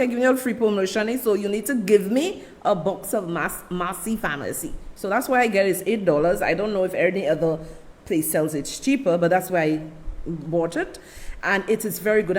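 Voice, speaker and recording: A middle-aged woman from Saint Lucia with a Saint Lucian accent, hosting a live commentary show in an animated, emphatic, chatty way. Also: on the high side. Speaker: talk show host.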